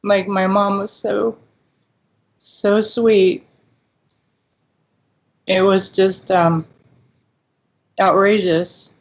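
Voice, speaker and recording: A woman's voice: mid-range voice, little pitch movement, extremely slow, pauses often. A woman guest in an interview recounting a painful past event, voicing the words of others as she goes. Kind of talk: personal account. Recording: dull lo-fi recording.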